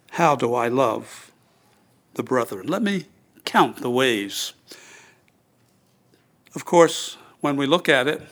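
A man preaching a sermon in a slow, earnest way, leaning on single words for emphasis. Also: medium pitch, a bit bright. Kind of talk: sermon with sung verse.

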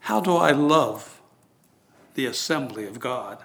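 A man preaching a sermon in a slow, earnest way, leaning on single words for emphasis. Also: medium pitch, lively intonation, gravelly, fairly bright tone. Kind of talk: sermon with sung verse.

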